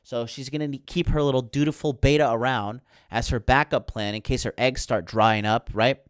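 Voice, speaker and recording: A man's voice: medium pitch, steady tone, normal speed, clear, resonant tone, no room sound, studio quality. A man hosting a podcast, ranting about a film in a heated, sarcastic way full of swearing. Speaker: podcast host.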